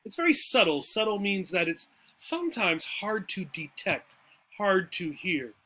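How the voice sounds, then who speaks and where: A man's voice: high voice, sing-song, measured pace, pushed and bright. A man teaching English, walking through a textbook dialogue in a chatty way and often checking in with "right?" and "okay?".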